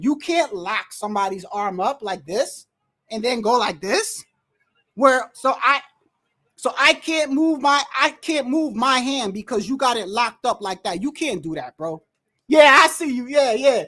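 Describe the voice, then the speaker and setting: A man hosting a livestream, reacting to a boxing match with animated, profane, exasperated commentary. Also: extremely high pitch. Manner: animated, profane, exasperated, often says bro. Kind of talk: excited live reaction commentary.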